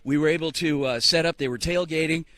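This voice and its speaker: A man with a high, bright, sharp voice hosts a sports radio show as he walks outdoors. He is out of breath, stumbling and restarting his sentences. He speaks into a handheld mic. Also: fast, no room sound. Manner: breathless, stumbling and restarting while speed walking. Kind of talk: live remote broadcast chat. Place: outdoors walking to a softball field. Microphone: handheld microphone with a portable broadcast unit.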